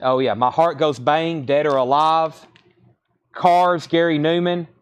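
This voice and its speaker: A man's voice: fairly high pitch, fairly even intonation, measured pace, clear, resonant tone. A man hosting a live record sale stream, rattling off titles and prices with casual asides. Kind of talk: live sales stream chat.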